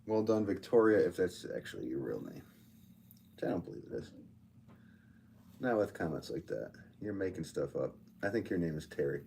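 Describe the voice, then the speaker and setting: A man's voice: low voice, big pitch swings, moderate pace, creaky, mellow, slight background noise. A man from Connecticut with a Connecticut accent, a potter hosting a livestream from his studio, reading viewer comments and joking at his own expense. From Connecticut, USA. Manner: chatty, joking, self-mocking, restarts often.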